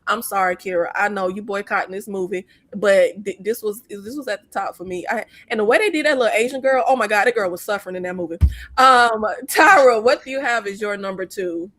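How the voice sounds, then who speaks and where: A woman hosting a casual movie review chat, blunt and profane, talking in an animated way. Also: mid-range voice, fairly quick. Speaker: host.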